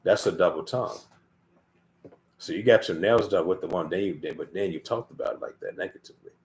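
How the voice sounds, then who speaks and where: A man's voice: deep voice, a little fast, darkish tone. A man giving an informal sermon, scolding and emphatic, repeating himself and swearing freely as he lectures his listeners. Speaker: lay preacher. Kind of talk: casual preaching.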